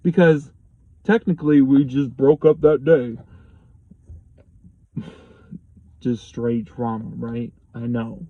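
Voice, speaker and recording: A man's voice: medium pitch, slow pace, pauses often, dry recording, highs cut off. Profane young man telling a story. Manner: profane, rambling, animated when quoting people. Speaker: vlogger. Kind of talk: casual confessional storytelling.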